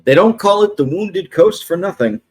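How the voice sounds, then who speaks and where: A man narrating a tabletop game as game master, often pausing on fillers. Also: high-pitched, lively intonation. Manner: hesitant, full of fillers.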